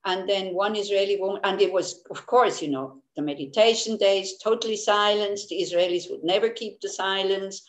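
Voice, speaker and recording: A woman's voice: medium pitch, moderate pace, few pauses. Candid woman giving a dharma talk. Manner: candid, laughs often, restarts words. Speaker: Buddhist teacher. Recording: echoey room.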